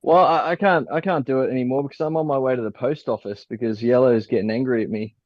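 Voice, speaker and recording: A man's voice: medium pitch, steady tone, quick pace, no room sound. A man joking around in a casual group chat on a stream. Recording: dull lo-fi mic.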